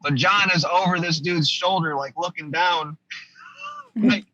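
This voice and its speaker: A former army sergeant from the United States recounting a combat story as a podcast guest, telling it vividly and acting out what people said. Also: male voice, a little high, steady tone, moderate pace, bright, forceful tone, dry recording, lo-fi sound.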